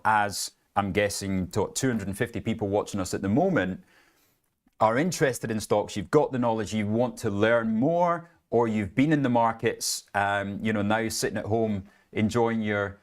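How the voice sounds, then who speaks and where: A middle-aged man co-hosting a live trading show, conversational with jokey asides. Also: lowish voice. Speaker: co-host. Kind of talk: live market commentary.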